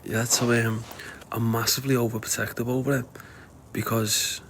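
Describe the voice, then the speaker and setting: A man's voice: medium pitch, little pitch movement, moderate pace, fairly bright tone, slight background noise. A man with a Liverpool accent chatting casually to viewers on a livestream, rambling, laughing often and swearing freely.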